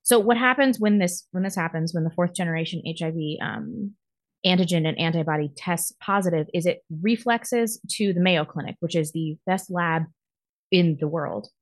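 Lady podcaster swearing her way through a story, lowish voice, dry sound. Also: moderate pace, dry recording. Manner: profane, animated, acts out other people's lines. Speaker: podcast co-host. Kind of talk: casual storytelling.

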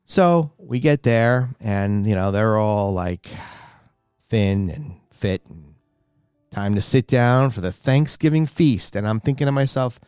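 A man telling a long personal story in casual chat, animated and exasperated, growing indignant as he goes. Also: fairly low pitch, a little slow, clear, resonant tone, dry recording, clean studio sound. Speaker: guest storyteller.

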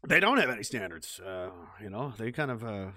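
A man's voice: on the low side, very animated, fairly quick, bright, forceful tone, no room sound, studio quality. A man reading viewer messages on a livestream, ranting and swearing, trailing off into mumbled asides. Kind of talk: profane livestream chat reading.

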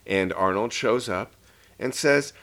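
A man recapping a film in casual comic banter, rambling and profane, swinging between loud bursts and low mutters. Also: slow. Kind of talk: casual comedic movie recap.

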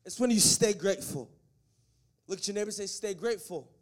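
High-voiced male pastor preaching. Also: fairly quick. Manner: rises to shouting, half-sung preaching; joking asides to the band and congregation. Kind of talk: sermon. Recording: faint music behind.

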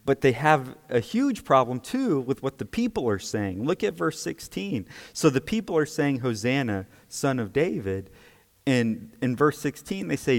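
A man's voice: medium pitch, big-room sound. A man preaching a sermon, explaining scripture emphatically and checking in with his listeners.

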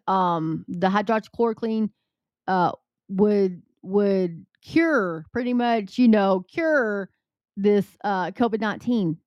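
A woman's voice: medium pitch, clear, resonant tone, no echo. A woman hosting an angry political commentary show, fiery and indignant, swearing and restarting her sentences. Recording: dull dry lo-fi recording.

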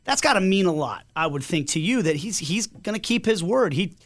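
A man's voice: high voice, expressive, brisk. A man hosting a podcast, telling anecdotes in a casual, conversational way. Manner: conversational anecdotes, some repeated words. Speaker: podcast host.

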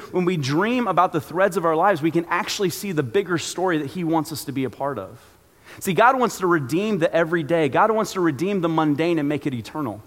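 A man's voice: fairly high pitch, big-room sound. A man preaching a sermon as pastor, telling a personal story with acted-out asides.

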